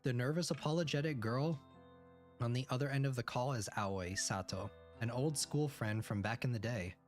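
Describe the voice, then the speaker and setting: A man's voice: mid-range voice, soft background music. Man reading a visual novel aloud. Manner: narrates in first person, breaks off for quick reactions. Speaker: streamer.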